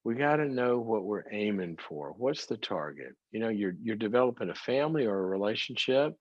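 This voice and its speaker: A man's voice: fairly low pitch, animated, fairly quick, no room sound, highs cut off. A middle-aged man giving a conversational teaching talk, folksy and full of rhetorical questions and everyday examples. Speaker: psychologist and speaker.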